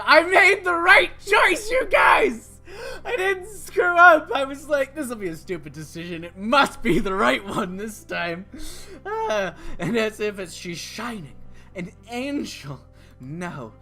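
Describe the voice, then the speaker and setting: A man hosting a let's play, reading a visual novel aloud with dramatic narration broken by excited outbursts. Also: sits high.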